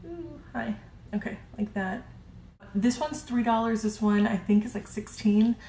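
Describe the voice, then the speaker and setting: A woman's voice: medium pitch, little pitch movement, normal speed, warm tone. A woman casually reviewing her makeup brushes, gushing and chatty with lots of ums. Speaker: beauty vlogger. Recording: roomy with faint hiss.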